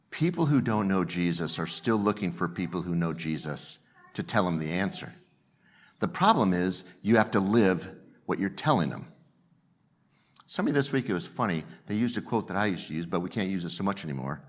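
A man's voice: low voice, animated, a little fast. A male pastor preaching a sermon in a conversational, self-deprecating way, joking with the congregation.

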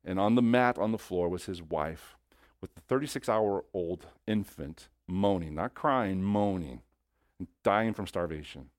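A man preaching a sermon, telling a story with animated swings between hushed and loud delivery. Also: sits low, a little slow, dry recording, studio quality.

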